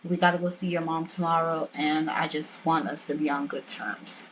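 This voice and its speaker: A woman's voice: sits low, steady tone, normal speed, voice pushed down, natural voice. A woman lends her everyday voice to a jealous young man in a life-sim game, pleading one moment and fed up the next. The sound is a little dull, with a faint hiss underneath. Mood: subdued. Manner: hurt, pleading, then fed up. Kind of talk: voicing game characters while playing.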